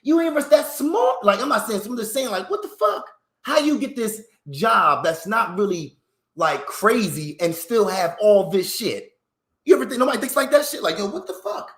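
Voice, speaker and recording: A vlogger delivers an animated, rambling opinion rant, swearing, piling on slang and firing off rhetorical questions. His voice sits high at a moderate pace, with a roomy echo around it.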